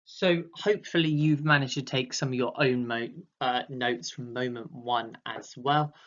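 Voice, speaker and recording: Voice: medium pitch, steady tone, moderate pace. A drama teacher, giving a recorded online lesson and acting out vocal examples as they explain. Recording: dull lo-fi sound.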